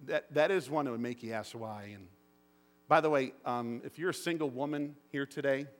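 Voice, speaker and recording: A man's voice: mid-range voice, moderate pace, faint music behind. A middle-aged man preaching as pastor in a church, telling stories with acted-out quotes. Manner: animated storytelling with voiced quotes. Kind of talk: sermon. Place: church sanctuary. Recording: long hall reverb.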